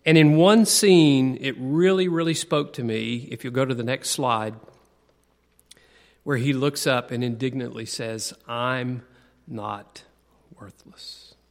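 A man giving a conversational sermon, asking the audience questions and slowing down to lean on key words. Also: medium pitch. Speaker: preacher. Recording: long reverb of a large hall.

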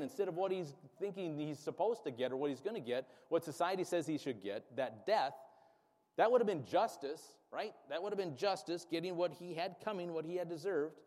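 A man with a somewhat high voice delivers a sermon in an echoing church hall. He talks straight to his congregation, leads them in repeating phrases and often stops to ask whether they follow. The long reverb of the room trails after his words. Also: a little mellow. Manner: call-and-response, checking in with the congregation. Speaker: pastor.

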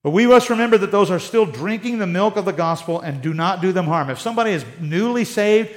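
A man's voice: high voice, animated, fast talker. An American man preaching a sermon in a conversational way, with sarcastic asides. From United States. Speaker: pastor.

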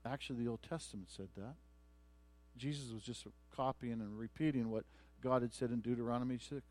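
A man's voice: mid-range voice, steady tone, a little fast, a little mellow. A man preaching a sermon as pastor, telling a story with many restarts and building to emphatic points.

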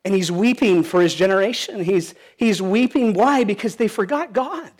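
A man's voice: sits high, moderate pace. A pastor preaching a sermon in an earnest, pleading way, asking the congregation questions and often restarting his sentences.

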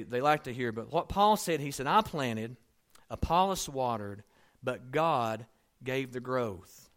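A man preaching a sermon in a conversational, storytelling way, dropping to soft asides and rising to emphatic points. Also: mid-range voice. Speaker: pastor.

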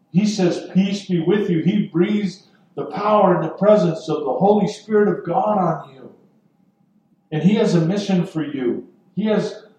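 A man preaching a sermon as pastor, earnest and deliberate, with dramatic pauses. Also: fairly high pitch, dark tone, slight background noise. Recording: echoey room from far off.

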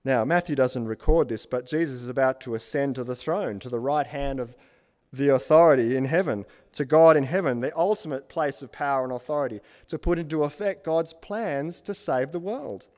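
A man's voice: medium pitch, moderate pace, a little mellow, long reverb tail. A man preaching a sermon as pastor, building emphatic lists and asking the congregation questions.

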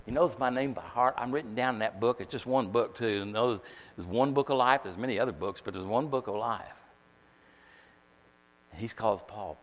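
High-voiced preacher man in a reverberant hall. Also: a little fast. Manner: call-and-response preaching, swings from quiet to shouting. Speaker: pastor. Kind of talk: sermon.

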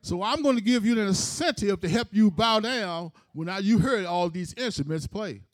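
Proud taunting king, male, high-voiced, a preacher playing the part inside a sermon, dry sound. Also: lively intonation, normal speed, no room sound. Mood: mock-generous. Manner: mock-generous, taunting.

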